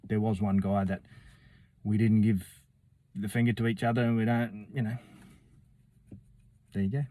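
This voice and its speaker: A man's voice: lowish voice, little pitch movement, moderate pace, pauses often, mellow. A man telling a rambling, casual story, swearing freely and acting out what other people said.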